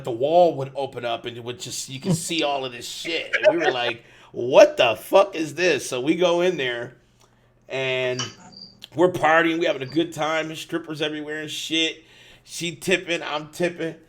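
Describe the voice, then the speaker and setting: A man hosting a podcast, telling a story in casual, animated speech full of swearing and restarts. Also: mid-range voice, a little hiss or hum. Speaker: podcast host.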